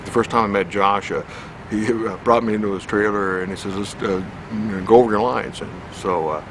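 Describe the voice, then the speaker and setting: A low-voiced actor tells self-deprecating stories in a halting way, outdoors. Clear street noise and passing traffic run behind him. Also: male voice. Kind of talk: behind-the-scenes interview.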